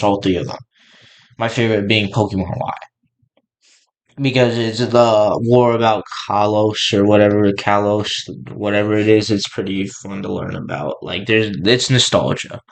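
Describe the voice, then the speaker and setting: A man's voice: on the low side, poor audio. A young man rambling casually in a gaming vlog, restarting his sentences often. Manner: rambling, many restarts and filler words. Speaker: gaming vlogger.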